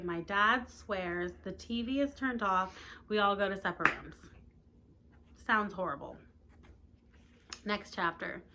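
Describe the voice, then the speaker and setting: Teacher reads a novel aloud at home, bright voice, casual asides, light room noise. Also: female voice, mid-range voice. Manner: plain reading voice, chatty asides to listeners.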